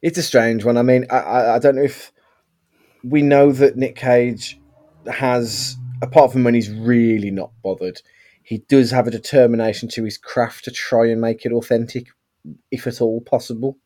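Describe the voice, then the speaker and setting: Male co-host, mid voice, halting and dry. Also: mid-range voice, fairly even intonation, warm tone. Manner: hesitant, dry humour. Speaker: podcast co-host. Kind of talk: casual film review chat.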